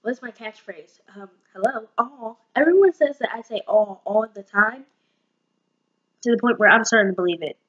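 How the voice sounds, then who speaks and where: A woman's voice: a little high, normal speed, muffled recording. A young woman in her late teens chatting casually to camera with a bubbly, rambling manner and many fillers. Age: young adult. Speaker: vlogger.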